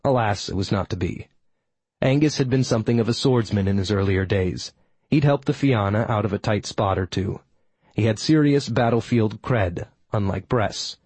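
Husky-voiced man narrating wryly. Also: lowish voice, a little mellow, no echo, rough recording. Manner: wry, sardonic storytelling. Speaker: audiobook narrator. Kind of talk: first-person fantasy audiobook narration.

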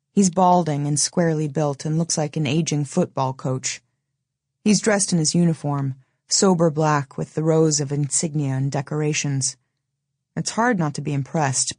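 A woman reads a novel aloud in the first person with a low, husky voice. Her delivery is measured and low-key with a wry edge. The recording is close and dry. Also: darkish tone, no echo. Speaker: audiobook narrator. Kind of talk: scripted first-person narration.

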